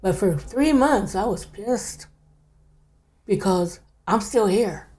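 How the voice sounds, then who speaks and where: A woman's voice: medium pitch, lively intonation, slow pace. An older woman, a podcast guest, telling a personal story in a casual way, often dropping to a near whisper. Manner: hushed, drops to near whisper at times.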